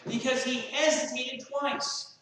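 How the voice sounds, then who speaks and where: High bright male pastor in echoey hall. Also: little pitch movement, takes it slowly. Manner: folksy, acts out quoted voices. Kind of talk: sermon. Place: small church sanctuary. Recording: echoey church hall from far off.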